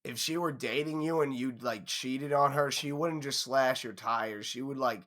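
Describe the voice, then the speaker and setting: A man's voice: mid-range voice, moderate pace, a bit bright. A young man co-hosting a podcast in crude, joking casual chat, laughing often. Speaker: podcast co-host.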